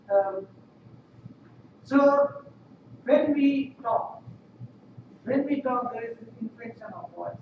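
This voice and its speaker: A man with a fairly high voice lectures a class, working through each idea slowly and repeating himself with frequent fillers. He is recorded from across a reverberant classroom on a dull, noisy mic. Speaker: university lecturer. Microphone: laptop webcam from far off. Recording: echoey room, distant lo-fi mic, noisy.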